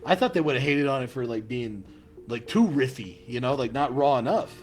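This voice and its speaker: Man, casual podcast chat, excitable, swearing, lively pitch swings, faint music behind. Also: a little fast. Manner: excitable, profane, laughs often, many restarts. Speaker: podcast co-host.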